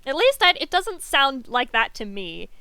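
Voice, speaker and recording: A woman's voice: high-pitched, very animated, normal speed, pushed and bright, no echo. A young woman from the Southern US with a light Southern accent, chatting casually and giggling often while streaming a game. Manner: chatty and giggly, rambling with many fillers.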